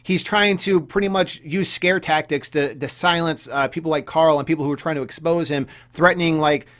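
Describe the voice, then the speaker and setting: A man's voice: on the high side, fairly even intonation, normal speed, a bit bright. A young man delivering a casual commentary rant, heated and repetitive, with frequent stammering restarts. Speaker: gaming YouTuber commentator.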